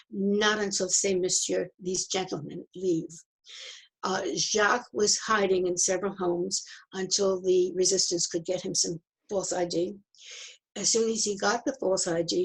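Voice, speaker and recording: A woman's voice: lowish voice, vocal fry, breathy edge, low-quality recording. A woman in her eighties giving a memorial talk with slides, steadily and carefully retelling her family's history. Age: 80s. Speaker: Holocaust survivor speaker at a memorial program. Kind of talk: personal storytelling talk with slides.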